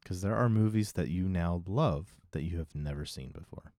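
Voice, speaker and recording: A man co-hosting a podcast, animated and joking, laughing often as he chats. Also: low voice, normal speed, no echo, studio quality. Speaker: podcast co-host. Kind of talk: casual podcast chat.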